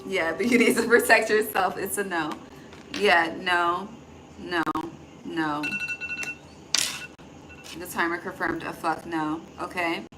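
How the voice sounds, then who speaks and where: A woman's voice: lowish voice, normal speed. Chatty woman giving a casual card reading. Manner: chatty, thinks aloud, swears, calls the listener honey. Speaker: intuitive tarot reader. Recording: steady background noise.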